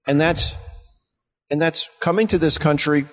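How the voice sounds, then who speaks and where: A man's voice: a little high, steady tone, a little slow. A man co-hosting a podcast in casual chat, laid-back, giving short interjections and steering the topic. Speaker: podcast co-host. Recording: long reverb.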